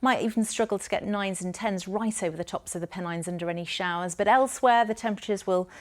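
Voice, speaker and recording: A woman's voice: mid-range voice, fast. A woman presenting the weather forecast in a chatty, upbeat way.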